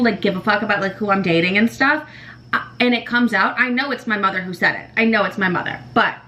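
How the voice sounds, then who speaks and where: Bright, bubbly young woman podcaster. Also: a little high, poor audio. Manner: animated, swearing, many "like" fillers. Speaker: podcast host. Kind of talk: casual confessional chat.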